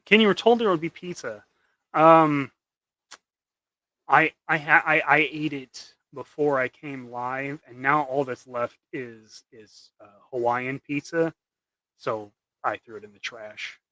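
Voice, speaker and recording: A man's voice: mid-range voice, measured pace, pushed and bright, dry recording. A man hosting a live stream while he paints custom action figures, chatting casually with viewers in a rambling, joking way. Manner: rambling and jokey, many restarts, chatting to viewers.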